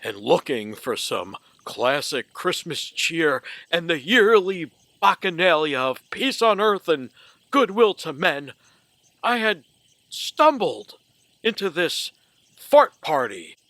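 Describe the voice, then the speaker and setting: A man's voice: on the high side, very animated, slow pace, sharp tone, no echo, full character voice. A man voicing a wistful grown man narrating boyhood Christmas memories in wordy, wry storybook style.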